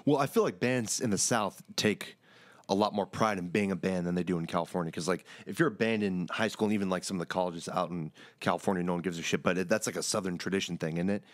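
Male podcast guest, rapid rambling chat, lowish voice, dry close sound. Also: dry recording. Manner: rambling, filler-heavy. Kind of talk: casual conversation.

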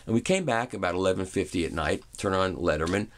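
A man's voice: low-pitched, expressive, quick pace. A middle-aged man casually telling an amused anecdote, with frequent restarts. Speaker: audio reviewer and vlogger. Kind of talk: casual storytelling.

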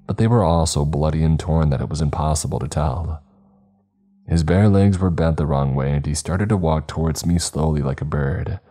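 Very deep-voiced man narrating horror. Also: dark tone. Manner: slow, measured storytelling.

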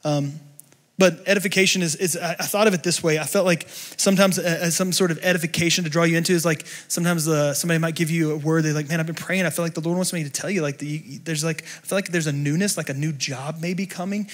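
A man's voice: fairly high pitch, steady tone, fast. A young adult male pastor preaching a sermon in a loose, conversational way, full of fillers and asides.

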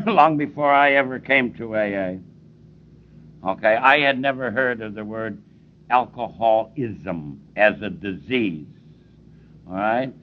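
A man's voice: on the low side, takes it slowly. An older man speaking at a recovery meeting, plainspoken and emphatic, repeating key phrases for stress. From Cleveland, US. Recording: dull lo-fi tape recording.

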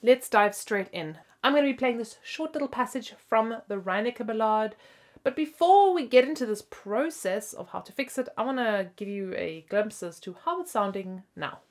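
A woman's voice: on the high side, animated, moderate pace. A young woman with hiccups hosting a bubbly flute lesson video and laughing at herself, with flute playing between her phrases. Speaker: flute teacher and host.

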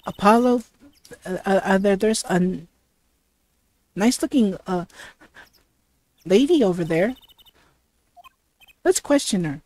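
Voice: medium pitch, expressive, takes it slowly, pauses often, a little mellow, dry recording. A gamer voicing a cheerful teenage girl magician, bubbly and upbeat, with heavy stutters while reading game dialogue aloud. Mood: eager.

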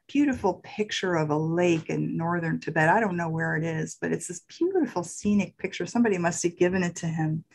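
A middle-aged woman with a slightly low voice recounts memories in a relaxed interview. She talks softly and often trails off, then leaps up in pitch when she acts out what someone said. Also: low-quality recording. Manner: animated, acts out quotes with big pitch jumps. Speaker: guest sharing her spiritual path. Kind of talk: casual storytelling in an interview.

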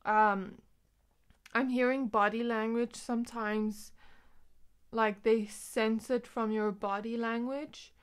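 A woman's voice: on the high side, fairly even intonation, slow, clean tone. A young woman giving a pick-a-card tarot reading, talking in a loose, rambling way with many fillers. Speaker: tarot reader.

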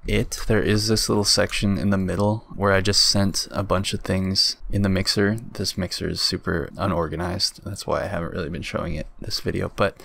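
Laid-back young man with a low gravelly voice. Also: fairly even intonation, fairly quick, hardly any pauses, fairly bright tone. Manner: laid-back, rambling, lots of filler words. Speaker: beat producer. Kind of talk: casual tutorial walkthrough. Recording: music faintly underneath.

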